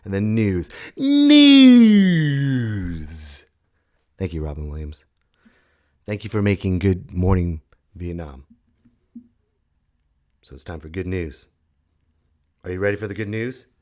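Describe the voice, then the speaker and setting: A man in his thirties hosting his own podcast, talking loudly and casually in a rambling, jokey way with sudden shouted bits. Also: low-pitched, normal speed, long pauses. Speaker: podcast host. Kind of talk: casual solo podcast monologue.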